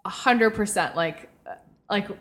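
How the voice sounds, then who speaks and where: A woman's voice: mid-range voice, normal speed, a bit bright. A young woman co-hosting a podcast, telling a story in a rambling, casual way, full of "like" fillers and the odd swear. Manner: chatty, frequent "like" fillers, swears. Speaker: podcast co-host.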